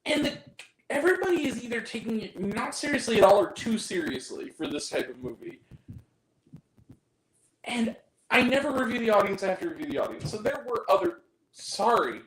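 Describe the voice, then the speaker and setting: A man's voice: extremely high pitch, sing-song, brisk, fairly bright tone, echoey room, poor audio. A man giving a ranting movie review, exasperated and profane, with self-deprecating asides. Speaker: film reviewer.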